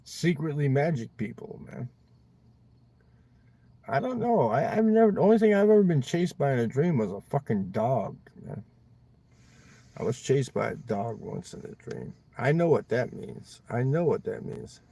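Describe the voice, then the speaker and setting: Man, rambling livestream chat, gravelly voice, dark husky tone, talking into a phone in a car. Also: medium pitch, big pitch swings, moderate pace. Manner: rambling, drawling, swears a lot, ends lines with "man". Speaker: livestream host. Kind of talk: casual chat with viewers. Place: inside a parked car.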